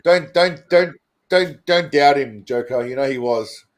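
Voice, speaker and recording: A man's voice: mid-range voice, unhurried. A man hosting a casual comedy stream, crude and mocking, laughing often and talking to his chat. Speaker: stream host.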